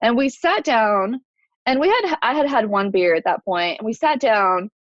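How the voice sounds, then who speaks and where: A woman's voice: fairly high pitch, expressive, normal speed, no echo, highs cut off. A woman in her forties from Texas, telling a personal story as a podcast guest in a conversational way, full of "like" fillers.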